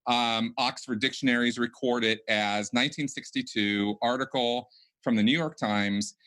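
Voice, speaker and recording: A man hosting a conversational podcast, talking in a halting way with many restarts and repeated words. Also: mid-range voice, fairly even intonation, a bit bright. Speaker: podcast host.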